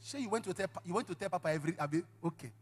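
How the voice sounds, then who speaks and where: A middle-aged male pastor preaching a sermon, telling stories dramatically with sudden shouts and hushed asides. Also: high-pitched, racing, slightly rough. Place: church service.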